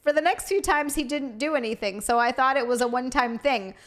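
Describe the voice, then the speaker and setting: Perempuan muda bersuara nyaring ini menjadi co-host sebuah obrolan santai. Ia cerewet, cepat menanggapi, dan suka menggoda lawan bicaranya. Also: female voice, high-pitched, brisk, a bit bright. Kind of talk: casual chat.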